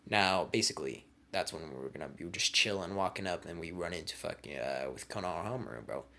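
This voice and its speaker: Young man, low voice, crude slang, rambling comedic storytelling. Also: animated, quick pace, creaky, sharp tone. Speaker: vlogger.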